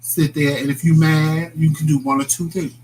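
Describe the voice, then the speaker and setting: New York man, sassy and emphatic, slightly high voice, faint hum behind. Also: level tone, moderate pace, a little mellow, rough recording. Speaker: talk show co-host. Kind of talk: casual live-stream chat.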